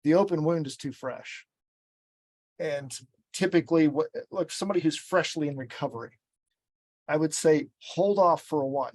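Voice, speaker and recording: A man who is a speaking coach, talking as a podcast guest in an even, measured coaching tone. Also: fairly high pitch. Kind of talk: podcast interview.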